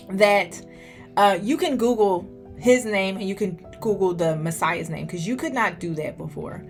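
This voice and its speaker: A woman's voice: mid-range voice, fairly bright tone. A woman vlogger giving a preachy bible study talk, often checking in with "okay?". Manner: preachy, keeps asking "okay?".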